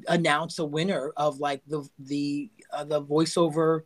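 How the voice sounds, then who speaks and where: High-voiced man rambling in casual chat. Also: level tone, measured pace. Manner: rambling, thinking aloud with many fillers.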